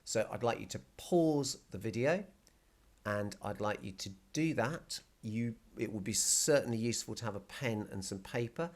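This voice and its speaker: A male Spanish teacher explaining a recorded video lesson patiently, repeating key words slowly. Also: fairly low pitch, lively intonation.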